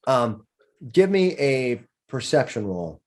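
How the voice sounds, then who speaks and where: Halting male game master. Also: mid-range voice, big pitch swings, darkish tone. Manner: descriptive, halting with restarts. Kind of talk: narrating a tabletop game.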